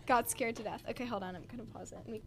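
Chatty high-voiced young woman. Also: very fast. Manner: chatty, lots of "like", excitable rants. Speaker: book discussion co-host. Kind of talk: casual chat. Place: home.

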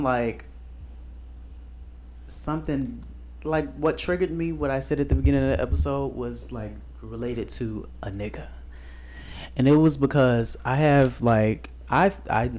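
A young man with a soft, gentle voice talks freely on a casual podcast. He meanders through his thoughts, filling every pause with "like". His pitch sits in an ordinary middle range for a man. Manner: rambling, full of "like" fillers. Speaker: podcast co-host.

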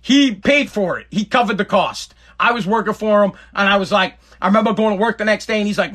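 A man telling a personal story in a blunt, profane, animated way. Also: sits high, brisk, few pauses.

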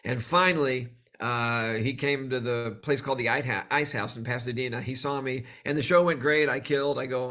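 Man telling animated stories in an interview. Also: mid-range voice, a little fast, hardly any pauses. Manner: animated storyteller who acts out quoted voices. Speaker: guest comedian. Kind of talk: storytelling in a conversational interview.

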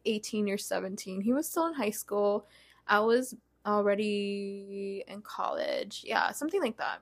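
A woman in her twenties hosting a casual solo podcast, candid and chatty, swearing freely and using lots of fillers. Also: mid-range voice. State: out of breath. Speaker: podcast host. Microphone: podcast mic, partly faulty.

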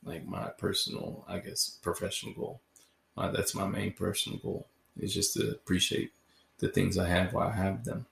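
Gravelly low-voiced man hosting a podcast. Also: level tone, normal speed, fairly bright tone. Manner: rambling, heavy on "like" fillers. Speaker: podcast host. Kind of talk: casual closing monologue. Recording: roomy echo.

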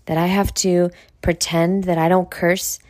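A woman's voice: on the low side, flat delivery, unhurried, a little mellow, no echo, studio quality. A woman from New York with a New York accent, hosting a podcast in a blunt, profane, rambling monologue that drops now and then into near-whispered asides. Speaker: podcast host. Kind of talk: casual monologue.

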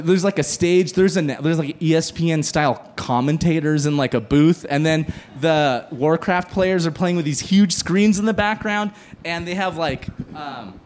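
Animated, high-voiced comedian man telling a story. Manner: animated, profane, shouts in quoted voices. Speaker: stand-up comedian. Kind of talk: live storytelling performance. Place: live stage show.

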